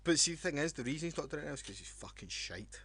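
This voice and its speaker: A man's voice: a little high, animated, fast talker, fairly bright tone, slightly rough, no echo. Blunt Scottish man, dry close sound. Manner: blunt, sweary, laughing. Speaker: podcast co-host. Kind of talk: casual wrestling banter.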